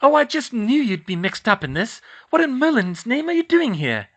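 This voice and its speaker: A fierce, protective middle-aged mother witch, put on by a male reader, scolding in a high, shrill voice. Her words swing up and down with bright, sharp force. She shouts spells like battle cries in an audiobook. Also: lively intonation, normal speed, dull audio, heavily acted.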